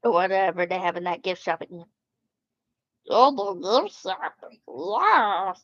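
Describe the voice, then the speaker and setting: A woman's voice: on the low side, very animated, slow pace, pauses often, no room sound. A woman vlogger chatting in a casual, rambling way and giggling between lines. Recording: dull lo-fi sound.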